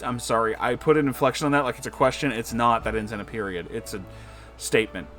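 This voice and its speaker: A man's voice: medium pitch, steady tone, fast talker, a bit bright, faint music behind. A young man reading fan fiction aloud with sarcastic, mumbled asides and casual swearing. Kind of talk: comedic dramatic reading with commentary.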